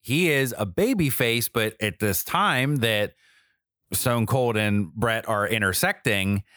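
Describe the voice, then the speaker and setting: Low bright-voiced man, relaxed explainer. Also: slow pace, no echo, clean studio sound. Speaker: podcast co-host. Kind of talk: casual chat.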